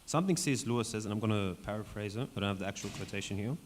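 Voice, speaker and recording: Hoarse man leading a church Bible study. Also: lowish voice, rapid-fire. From Australia. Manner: conversational, keeps asking "right?". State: voice going hoarse, clearing throat. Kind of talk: Bible study teaching to a group. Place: church hall with a group. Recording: long hall reverb, faint background noise.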